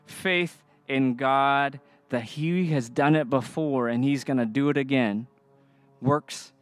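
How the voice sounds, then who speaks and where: A man's voice: mid-range voice, slow pace, clear, resonant tone, no echo, faint music behind. A young adult man preaching a sermon, earnest and emphatic, asking the congregation to respond. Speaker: pastor.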